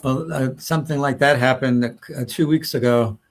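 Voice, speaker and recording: A man co-hosting a faith-based talk show, speaking in a measured, reflective way with some restarts. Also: medium pitch, fairly even intonation, gravelly. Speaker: co-host. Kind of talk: faith-based casual chat.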